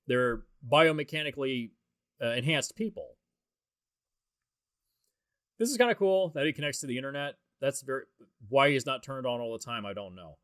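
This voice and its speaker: A man giving a relaxed commentary track over a film. He rambles in a conversational way, trails off and picks his thoughts back up. His voice sits at a middling pitch and is recorded close and dry. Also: moderate pace, long pauses, no echo. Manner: rambling, conversational, with many fillers and restarts.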